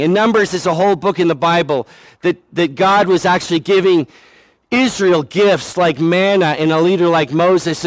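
A pastor delivers his sermon in a relaxed, conversational way, poking fun at himself and acting out the people he quotes. He is a man with a fairly high-pitched voice. The recording is dry and close, with almost no room sound. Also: no echo. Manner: conversational, self-deprecating, acts out quoted voices.

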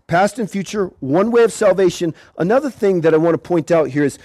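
At an outdoor gathering, a male preacher gives an animated evangelistic sermon, repeating words and sometimes shouting. His voice sits high, and there is no room sound.

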